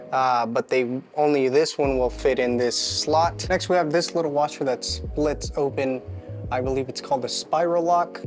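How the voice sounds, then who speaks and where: A man's voice: on the high side, darkish tone. Chatty man narrating a hands-on repair. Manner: chatty, self-deprecating, talks to himself mid-task. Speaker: home mechanic channel host. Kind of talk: casual how-to narration while working.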